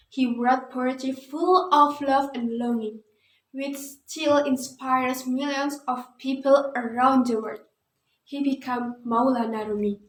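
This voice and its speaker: A young woman student with an Indonesian accent reading a story aloud in English, carefully and measuredly. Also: high-pitched. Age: young adult. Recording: roomy echo.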